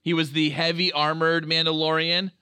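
A man co-hosting a casual podcast, talking excitedly and swearing freely as he rattles off fan lore. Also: a little high, normal speed, clear, resonant tone, no echo. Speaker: podcast co-host.

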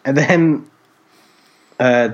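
A man co-hosting a podcast, telling a story in casual chat, animated and swearing freely as he acts out other people's voices. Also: medium pitch, drawn-out words, muffled recording. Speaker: podcast co-host.

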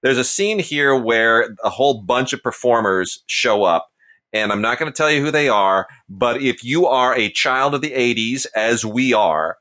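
A man's voice: medium pitch, lively intonation, normal speed, pushed and bright. A man in his forties co-hosting a casual movie review chat, emphatic and jokey with his opinions. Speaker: co-host.

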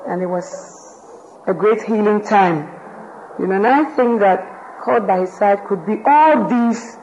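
A woman leading a pastors' wives group gives an informal teaching talk. She talks in a lively way, acts out the voices of people she quotes, and says "you know" a lot. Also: medium pitch, muffled recording, slight background noise.

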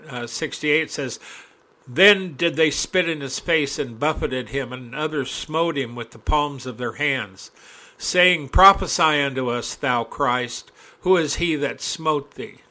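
Fiery, slow-talking male preacher. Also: medium pitch. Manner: impassioned, rising to loud emphatic peaks; folksy asides, reads scripture aloud. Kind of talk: sermon.

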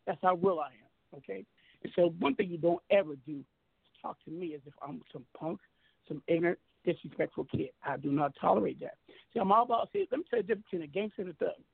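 Brief: high gravelly male storyteller, boastful and profane, phone line. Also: fast, no echo. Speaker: guest telling a story. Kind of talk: animated storytelling on a talk show.

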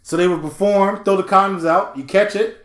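A man's voice: high-pitched, a little fast. A man co-hosting a casual comedic podcast, telling stories and acting out what people said, swearing and laughing a lot. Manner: animated storyteller, acts out quotes, swears, laughs often. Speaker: podcast co-host. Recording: echoey room.

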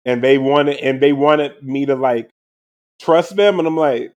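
A man's voice: medium pitch, unhurried, darkish tone. A young man co-hosting a podcast in casual chat, chiming in and repeating words to press his point. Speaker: podcast co-host.

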